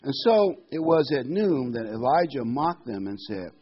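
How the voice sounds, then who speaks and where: Husky-voiced preacher with lively delivery. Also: male voice, medium pitch, normal speed, lo-fi sound. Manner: conversational, restarts often, animated storytelling. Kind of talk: informal sermon.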